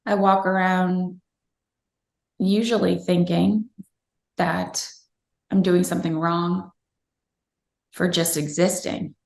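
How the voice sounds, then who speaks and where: A woman's voice: lowish voice, flat delivery, takes it slowly, creaky, long pauses, a little mellow. A woman in her thirties, interviewed, earnestly and reflectively telling a personal story from her own family life. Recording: roomy echo.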